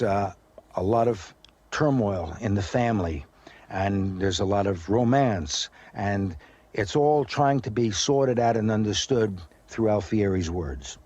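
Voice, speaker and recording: An older American man with a Brooklyn accent softened toward British, chatting in a rambling, anecdotal way as a guest on a radio interview. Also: lowish voice, no echo, dull audio. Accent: Brooklyn New York, softened toward British. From USA. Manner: rambling, anecdotal, many fillers. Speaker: actor guest. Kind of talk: relaxed radio interview chat.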